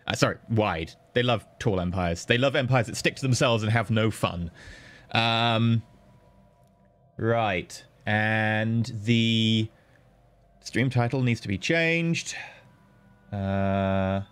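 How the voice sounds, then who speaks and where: A man streaming a strategy game, chatting casually and playfully with his viewers, thanking them and joking as he plays. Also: slow pace. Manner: chatty, playful, thanks viewers, bursts into high excited pitch. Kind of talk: casual livestream commentary.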